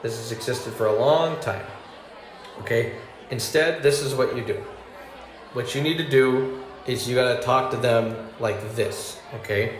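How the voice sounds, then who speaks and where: A man's voice: medium pitch, a little slow, some chatter behind. A man doing a stand-up comedy monologue, rambling with fillers and restarts, laughing at his own jokes and acting out customer voices. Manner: acts out angry and sweet customer voices. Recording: roomy ambience with faint noise.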